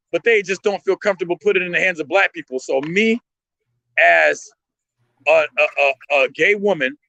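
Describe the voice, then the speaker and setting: A man's voice: high-pitched, pushed and bright, dry recording, low-quality recording. A man talking emotionally and emphatically on a livestream from his street stand, in slangy street talk. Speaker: street artist and vendor, livestream guest.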